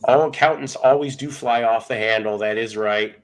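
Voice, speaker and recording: Male host, easygoing rambler, salty jokes, average pitch. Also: normal speed, rough recording. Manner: rambling, jokey, swears freely. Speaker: podcast host. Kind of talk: casual chat.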